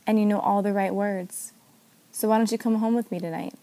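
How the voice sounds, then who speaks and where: A woman's voice: medium pitch, fairly even intonation, fairly quick, warm tone, no echo, lightly acted. Woman reading as a tough undercover female agent. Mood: flirting.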